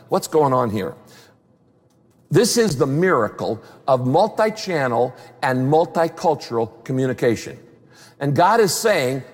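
A man preaching in a large church, his fairly high voice carried on the long reverb of the hall. He hammers his points home by repeating them and slips into the voices of the people he tells about. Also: big pitch swings, measured pace. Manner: emphatic, repeats key phrases, acts out voices of people in the story. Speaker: pastor. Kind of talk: sermon.

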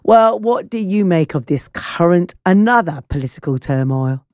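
A woman's voice: lowish voice, lively intonation, moderate pace, a little mellow, no room sound, studio quality. A woman hosting a live talk radio news discussion, conversational and asking probing questions. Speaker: radio show host.

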